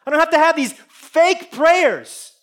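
A man preaching a sermon, earnest and confessional, swinging between loud appeals and hushed asides. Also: very high voice, expressive, measured pace. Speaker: pastor.

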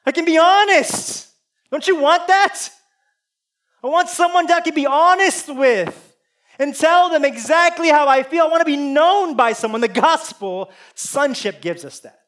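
Man preaching, high voice, earnest, confessional, loud then hushed. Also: lively intonation, unhurried. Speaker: pastor. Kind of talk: sermon.

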